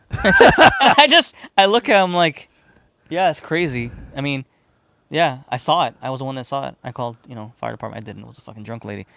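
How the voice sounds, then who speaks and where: A man's voice: medium pitch, animated, fairly quick, gravelly, sharp tone, no echo. A man co-hosting a podcast, telling a wild story in casual chat, swearing freely, laughing often and acting out the voices of the people in it. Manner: profane, laughing, acts out voices in stories. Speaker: podcast co-host. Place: podcast studio room.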